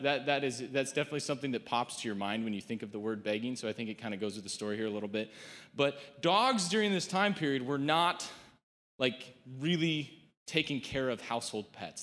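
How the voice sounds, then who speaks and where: A man giving a sermon in a relaxed, conversational way, with joking asides and quotes he acts out. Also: mid-range voice, long reverb tail. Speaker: preacher.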